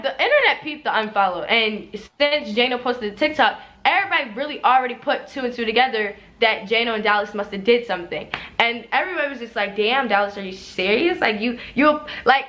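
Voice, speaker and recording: Bright-voiced young woman telling a heated story. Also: a little high, animated, fairly quick, hardly any pauses. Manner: heated, profane, quoting others' words. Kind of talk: storytime retelling.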